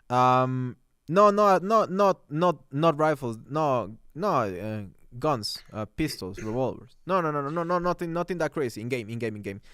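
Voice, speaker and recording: A young man hosting a livestream, chatting casually and answering comments in halting English with many restarts. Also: medium pitch, clear, resonant tone, no echo. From Mexico. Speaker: livestream host.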